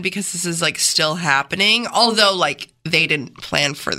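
A woman cohosting a morning radio show, chatty and emphatic, with quick asides. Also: lowish voice, bright, forceful tone. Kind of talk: casual radio banter.

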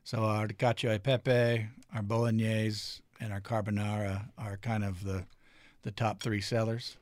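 Relaxed male restaurant owner. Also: lowish voice, unhurried, no room sound. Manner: relaxed, easygoing, many filler "uh"s. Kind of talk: casual interview answers.

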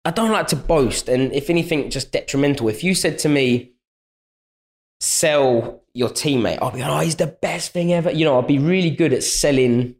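A young man with a London accent, chatting as a fighter guest on a podcast, telling lively anecdotes and acting out what people said to him in a raised voice. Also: moderate pace. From England. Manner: chatty storyteller, acts out quotes in a higher voice. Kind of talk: casual podcast interview.

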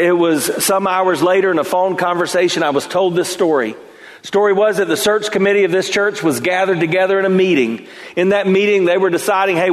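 A middle-aged man preaching a sermon to his church, telling a personal story that builds to emphatic peaks. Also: high-pitched. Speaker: pastor. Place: church sanctuary. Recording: long church reverb.

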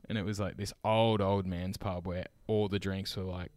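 A man's voice: fairly low pitch, level tone, a little fast, clean tone, no echo. A young man co-hosting a podcast, telling stories casually with swearing and laughter. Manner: laughing, swearing, acts out quoted voices loudly. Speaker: podcast co-host. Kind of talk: casual storytelling chat.

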